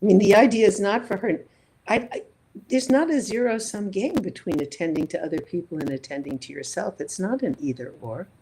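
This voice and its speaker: A woman psychologist, interviewed in a reflective conversation, makes her case carefully using examples and rhetorical questions. She talks fairly quickly in an animated, medium-pitched voice against a noisy background.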